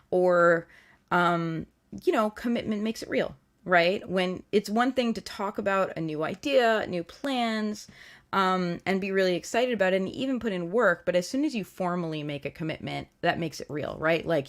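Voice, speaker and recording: A woman's voice: lowish voice, lively intonation, moderate pace. A young woman hosting a casual livestream tarot reading, chatty and playful, rambling with fillers and restarts.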